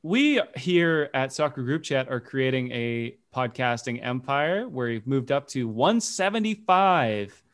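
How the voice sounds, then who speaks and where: A man hosting a casual soccer podcast with friends, unhurried and self-deprecating. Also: mid-range voice, animated, fairly bright tone. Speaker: podcast host.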